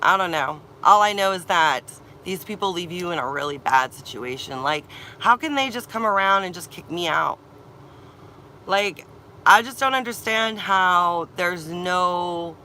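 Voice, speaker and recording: Upset young woman ranting, bright voice. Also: on the low side, slight background noise. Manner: upset, ranting, swearing, repeating herself. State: tearful and agitated. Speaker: vlogger. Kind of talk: emotional venting vlog. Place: camper van or campsite.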